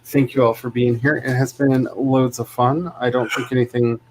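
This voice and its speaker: A man's voice: mid-range voice, flat delivery, moderate pace, slight background noise, rough recording. A man hosting a live stream in casual chat, rambling and restarting his sentences as he tells a story. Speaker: stream host.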